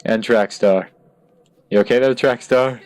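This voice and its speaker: A man's voice: medium pitch, steady tone, unhurried, darkish tone, no room sound. A young man giving casual, jokey Let's Play commentary, slipping into mock-dramatic narration of the game. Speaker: gaming YouTuber.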